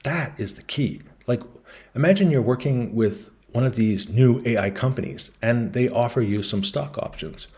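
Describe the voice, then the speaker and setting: A man explaining business concepts in a relaxed lecture, talking through slides and acting out quoted voices in his anecdotes. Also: medium pitch, normal speed. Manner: casual storytelling, acts out quoted voices.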